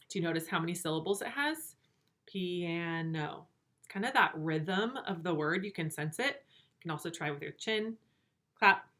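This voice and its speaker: A woman teacher giving a remote reading lesson to young pupils, slow and clear, encouraging. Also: on the low side, a bit bright. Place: home room with a whiteboard.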